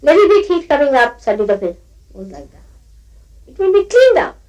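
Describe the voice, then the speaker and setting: A woman's voice: high-pitched, sing-song, brisk, darkish tone, lo-fi sound. Woman giving playful scolding spiritual talk. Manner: playful scolding, laughs often, mimics people. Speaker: spiritual teacher.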